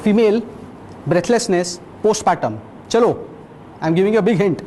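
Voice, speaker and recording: A man giving a medical lecture as a physician, telling a case story in a lively, blunt way and quizzing his audience. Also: sits high, normal speed, a little hiss or hum.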